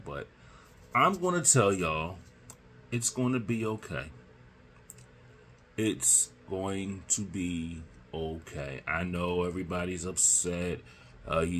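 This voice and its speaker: A man hosts his own commentary podcast in a very low, unhurried voice. He speaks emphatically and circles back to repeat his key points. A faint ambient hum sits under the recording. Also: bright, forceful tone. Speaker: podcast host. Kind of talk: solo political commentary.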